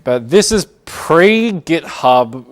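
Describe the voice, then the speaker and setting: An Australian man gives a casual tech talk at a meetup in an office meeting room. His voice is a little high with big pitch swings and a slow pace, and he's chatty and self-mocking, using many filler words.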